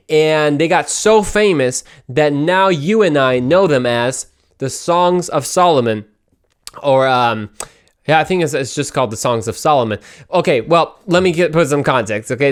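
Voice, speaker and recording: Young male podcast host, casual solo talk, playful and upbeat, voice slightly high and very clean. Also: smooth. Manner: upbeat and chatty, with playful asides.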